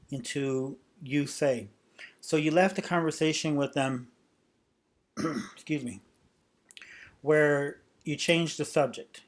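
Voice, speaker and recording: A sales trainer with a fairly high, darkish voice teaches a sales technique off the cuff. He keeps repeating and restarting phrases and acts out example lines as part of the instruction.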